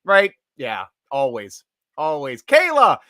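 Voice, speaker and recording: A middle-aged man hosting a casual live-stream chat, animated and chatty and quick to laugh. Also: a little high, dry recording, studio quality. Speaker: host.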